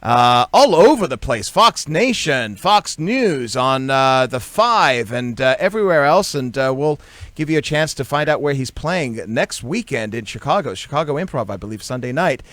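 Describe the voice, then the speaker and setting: A man's voice: mid-range voice, lively intonation, normal speed, fairly bright tone, no room sound. A male radio talk show host interviewing a guest, easygoing with many fillers.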